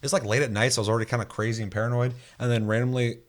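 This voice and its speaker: A man's voice: mid-range voice, little pitch movement, racing. A young man hosting a gaming podcast in casual chat, reading listener comments aloud and telling stories with plenty of swearing. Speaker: podcast host.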